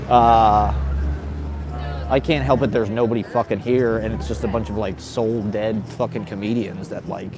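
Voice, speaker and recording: A man's voice: fairly low pitch, background noise. A man, a stand-up comedian, ranting in a casual monologue, agitated and profane, laughing between his complaints.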